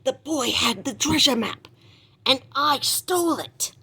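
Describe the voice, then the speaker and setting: A woman voicing a sly male pirate cook in a low, drawn-out, secretive way. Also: expressive, bright, forceful tone, slightly rough, exaggerated voice. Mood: boastful.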